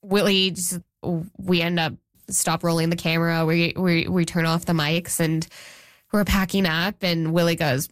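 A woman journalist speaks in a slightly low voice, recounting events casually. She restarts her sentences often and slips into quoted speech. The recording is dry and close. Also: steady tone, normal speed, no room sound. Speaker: journalist guest. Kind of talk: interview conversation.

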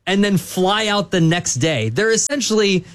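A man's voice: high voice, lively intonation, normal speed, a bit bright, dry recording. A man hosting a sports radio show, talking at length in a casual, hedging way. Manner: rambling, hedging with restarts.

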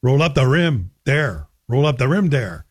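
A man's voice: mid-range voice, big pitch swings, measured pace, breathy edge, no room sound. A man voicing a male Quebecer with a Quebec French accent in a mocking impression. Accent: Quebec French-accented English.

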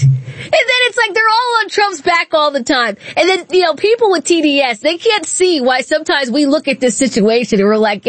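A woman's voice: high-pitched, expressive, normal speed, fairly bright tone, no room sound. A woman hosting a political talk show, delivering a sarcastic, mocking commentary monologue and laughing at her own jokes.

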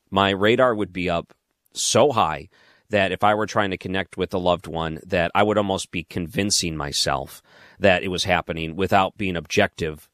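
Low male voice, radio show host, dry close sound, long reflective questions. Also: fairly bright tone, no echo. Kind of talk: late-night radio interview.

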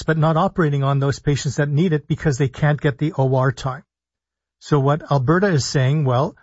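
A man, a physician hosting a call-in radio health talk show, speaking deliberately and stressing his points as he lists things one by one. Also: fairly high pitch, breathy edge, no echo. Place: radio studio. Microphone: studio broadcast mic. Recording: dull lo-fi radio sound.

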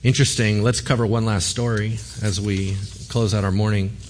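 A man's voice: fairly low pitch, steady tone, normal speed. A man, a pastor, giving a sermon in a conversational, joking way, often asking the congregation questions.

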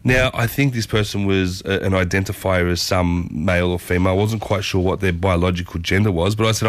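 A man's voice: on the low side, fast talker, fairly bright tone, no room sound. A man with an Australian accent, hosting a casual community radio show in a rambling, folksy way.

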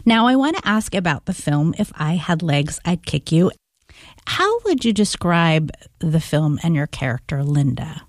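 A woman interviewing an actress, asking relaxed, chatty questions. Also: low voice, unhurried, dry recording, studio quality.

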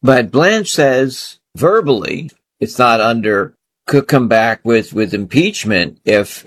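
A man hosting a solo political commentary show, talking in an indignant, scornful way and piling up phrase after phrase. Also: mid-range voice.

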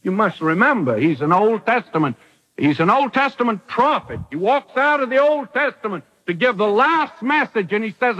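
A man preaches with emphatic, dramatic delivery in a high, bright voice. His pitch swings widely from phrase to phrase as he acts out the quotes. The sound carries the thin quality of an old radio broadcast. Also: very animated, normal speed, poor audio. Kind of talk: sermon.

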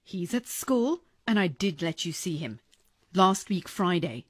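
A woman's voice: fairly low pitch, big pitch swings, a little slow, breathy edge, dry recording, exaggerated voice. An actress playing a fed-up ex-wife who stands up to her abusive former husband, defiant and cutting.

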